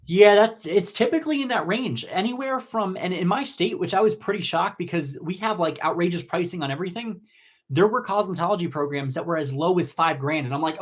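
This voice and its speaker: A man from New Jersey hosting a casual live-stream Q&A on cosmetology, chatty and rambling, with sudden excited jumps in pitch. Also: fairly quick, breathy edge. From New Jersey, USA. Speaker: cosmetology educator and host. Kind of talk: casual live-stream Q&A reading viewer comments.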